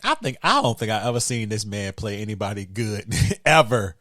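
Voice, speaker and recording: A man co-hosting a casual movie-review podcast, wry and quick to quote scenes. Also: on the low side, big pitch swings, a bit bright. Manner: wry, quotes film lines in exaggerated voices. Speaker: podcast co-host.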